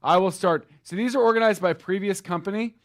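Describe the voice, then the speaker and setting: Enthusiastic man co-hosting, slightly high voice. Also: a little fast. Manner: friendly and enthusiastic, laughs easily. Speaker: co-host of a live brokerage sales meeting. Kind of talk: casual live co-hosting and thanking agents. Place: company studio.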